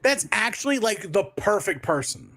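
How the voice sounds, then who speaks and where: A man in a casual podcast chat, opinionated and quick with short replies. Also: sits high, very animated, over a noisy crowd.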